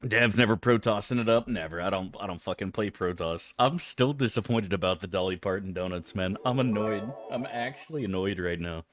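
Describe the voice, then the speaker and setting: A man's voice: lowish voice, a little fast, few pauses. A man streaming a game live, chatting casually with viewers, swearing freely and complaining in an exaggerated, chummy way. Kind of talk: casual live-stream chat while gaming.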